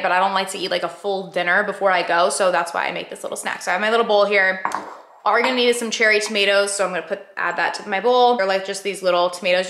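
A woman's voice: medium pitch, a bit bright, roomy sound. A young woman vlogging casually at home, chatty and full of "like" fillers. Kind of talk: casual vlog chat. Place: home, indoors.

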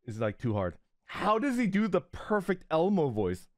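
A male streamer chatting casually, laughing often and talking in a bouncy, lively way. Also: high-pitched, moderate pace, dry recording, studio quality.

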